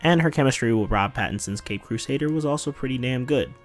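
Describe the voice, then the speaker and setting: A man's voice: mid-range voice, quick pace. A man giving a casual, chatty film review full of slang, with faint music playing behind him. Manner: slangy, laid-back and chatty.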